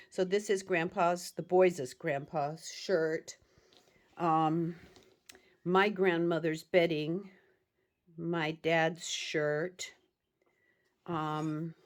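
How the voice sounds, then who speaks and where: A middle-aged woman talks slowly and unhurriedly, her voice sitting a little low. She rambles gently through a casual show-and-tell, dotting it with soft laughs and fillers. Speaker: cross-stitch shop owner and vlog host.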